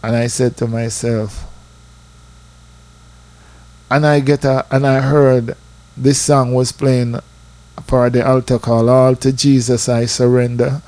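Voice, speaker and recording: A man with a Jamaican accent telling a personal church testimony in a lively storytelling way, slipping into patois. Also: medium pitch, takes it slowly, pauses often. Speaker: church member giving testimony.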